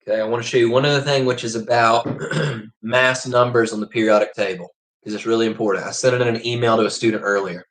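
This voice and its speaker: A man's voice: medium pitch, steady tone, quick pace, fairly bright tone. Chatty man teacher, echoey room. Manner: chatty, keeps checking in with okay. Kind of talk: livestreamed class lesson.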